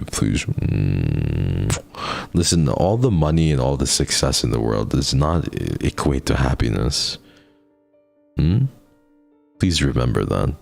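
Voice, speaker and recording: Very deep gravelly man. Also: big pitch swings, takes it slowly, pauses often, darkish tone, soft background music. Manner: affectionate and encouraging, pep-talk tone. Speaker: livestreamer. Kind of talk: casual livestream chat.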